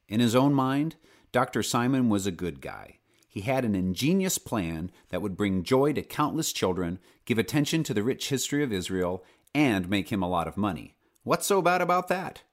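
A man narrating a children's storybook with playful asides to the listener. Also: on the low side. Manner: lively storyteller, playful asides, does character voices. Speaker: audiobook narrator.

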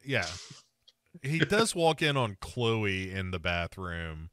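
A man's voice: deep voice, sing-song, slow, a bit bright, clean tone, no room sound, studio quality. A man hosting a podcast, casually recapping a movie with wry mock quotes. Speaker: podcast host. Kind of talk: casual movie review chat.

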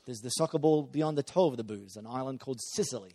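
A man's voice: medium pitch, fast talker, mellow. A man speaking as a pastor to his congregation, in a sermon-style talk with playful asides and frequent restarts. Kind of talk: sermon introducing a guest.

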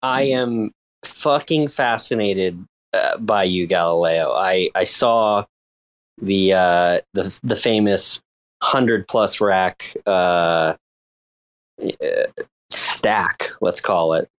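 A man's voice: sits low, very slow, fairly bright tone. A man asking questions in a casual chat, curious and playfully formal.

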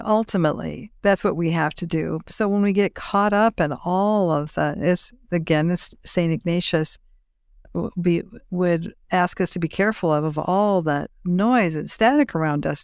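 A woman with a smooth, clear voice hosts a conversational interview. She answers her guest thoughtfully and affirmingly, recorded dry and close to the mic. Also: lowish voice, measured pace, a little mellow, no room sound. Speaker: podcast host.

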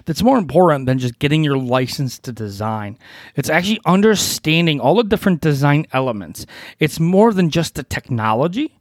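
A man's voice: a little high, dry recording, clean studio sound. A man in his forties teaching network design in a podcast-style talk, emphatic, repeating key phrases and asking rhetorical questions.

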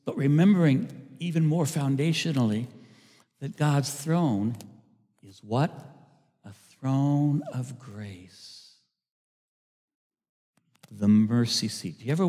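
Man, pastor, sermon, high voice, animated, swings loud and hushed, echoey hall. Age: older. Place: church sanctuary. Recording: church hall reverb.

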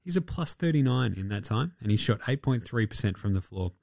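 A man's voice: medium pitch, expressive, a little fast, creaky, a little mellow, no room sound, studio quality. An Australian man hosting a basketball podcast, chatting casually in a jokey, rambling way with plenty of swearing. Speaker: podcast host.

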